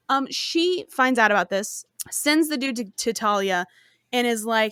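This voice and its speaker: A woman's voice: fairly high pitch, expressive, a little slow, fairly bright tone, clean tone, no echo, studio quality. A woman podcast host casually retelling a folk tale, cursing and joking as she goes. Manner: profane, slangy and joking.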